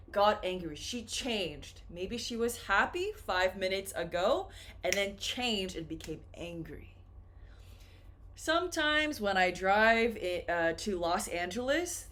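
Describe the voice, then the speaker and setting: A woman teaching English, explaining patiently with simple examples in a slow, careful lesson. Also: mid-range voice, sharp tone.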